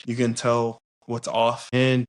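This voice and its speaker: Candid young man, mid-pitched. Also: completely flat delivery. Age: young adult. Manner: easygoing, candid, halting with fillers. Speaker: podcast guest. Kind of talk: casual podcast chat.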